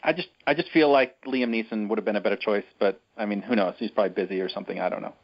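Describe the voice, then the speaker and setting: A man's voice: fairly low pitch, very fast. A man co-hosting a podcast in casual movie chat, offhand and trailing off. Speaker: podcast co-host. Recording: slightly dull lo-fi audio.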